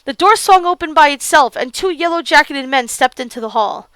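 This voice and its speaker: A woman's voice: high-pitched, expressive, a little fast, a bit bright, no room sound. A woman streamer reading a visual novel aloud and reacting with gasps and laughs. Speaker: let's play streamer.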